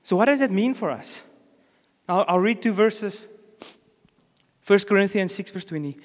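A man's voice: sits high, animated, normal speed. A man with a South African accent, preaching a sermon as pastor and telling a story with acted-out lines. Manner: storytelling, acts out characters' lines. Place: church. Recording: reverberant church hall.

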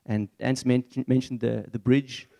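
Young male preacher, relaxed warm timbre, earnest and chatty. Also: mid-range voice, unhurried, gravelly. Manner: earnest, conversational, candid. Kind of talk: church sermon.

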